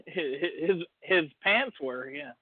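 A man with a fairly high voice chats casually as a podcast co-host. He rambles through a story and puts on the voices of its people. The sound is dry and thin, as if over a phone line. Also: animated, slow pace, no echo. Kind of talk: casual chat.

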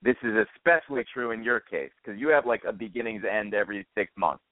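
On a dry, tinny phone call with slight background noise, an American man hosts a casual podcast chat at a quick pace. His voice is lowish, and his talk is full of swearing and wry remarks.

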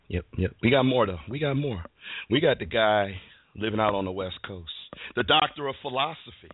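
A man's voice: on the low side, expressive, normal speed, slightly rough, dry recording. A man from Connecticut hosting a call-in sports talk show, ranting in a fired-up, emphatic way and repeating his phrases. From Bristol, Connecticut, USA. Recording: tinny phone-line sound, dry.

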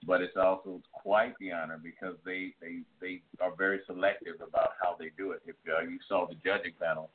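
A man's voice: sits low, level tone, a little fast, hardly any pauses, husky. A man co-hosting a casual chat show, rambling and earnest. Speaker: co-host. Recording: tinny phone-like line.

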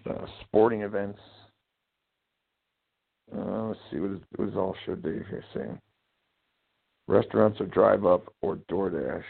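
A man's voice: lowish voice, vocal fry, husky. A man hosting a casual live show, telling rambling, profane, joking stories. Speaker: host. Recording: tinny phone-like sound.

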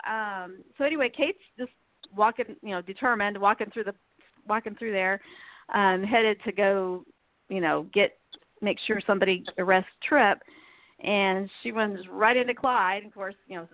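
A woman's voice: mid-range voice, moderate pace, no room sound. A woman hosting a casual talk show, chatting in a rambling way with lots of fillers and restarts as she recaps a soap opera. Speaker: podcast host. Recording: tinny phone line.

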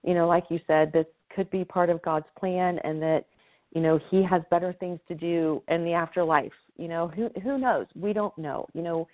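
A woman hosts a faith conversation and responds with consolation, often repeating her words as she begins. Her voice is very low, and the sound is thin and phone-like. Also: steady tone, normal speed. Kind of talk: casual faith chat. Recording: tinny phone line.

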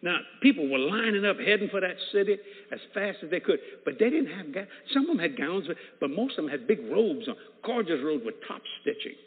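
Male preacher, lively swooping delivery, testimony, tinny sound with a long hall echo. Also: high voice, brisk, few pauses. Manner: animated storyteller who acts out dialogue.

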